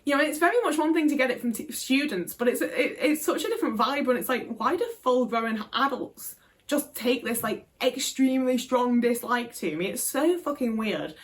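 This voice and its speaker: A woman's voice: sits high, expressive, normal speed. A young woman speaking frankly to camera, swearing often and restarting her sentences in a casual vlog. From Britain. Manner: frank, frequent swearing, emphatic; many fillers and restarts. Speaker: vlogger.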